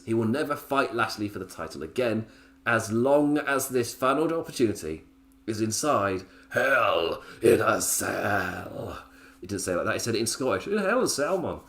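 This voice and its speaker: A man riffs through a casual show review, breaking into laughter between his points. His pitch swings widely as he talks, lively and animated. He sounds self-amused and loose, like a regular host talking to his listeners. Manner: chatty, laughs often, self-amused asides. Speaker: wrestling podcast host.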